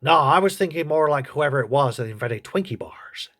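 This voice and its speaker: A man voicing a crude, gossipy old male politician who reviews a TV show in a comedy sketch, with a husky voice. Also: a little high, expressive, fairly quick, fairly bright tone. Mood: snarky.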